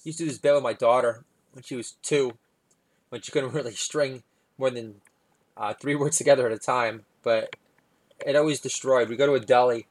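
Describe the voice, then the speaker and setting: A man tells stand-up stories about family life. His delivery is wry, with quick asides. When he quotes his small daughter, his pitch jumps up. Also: fairly even intonation. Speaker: stand-up comedian. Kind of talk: stand-up storytelling.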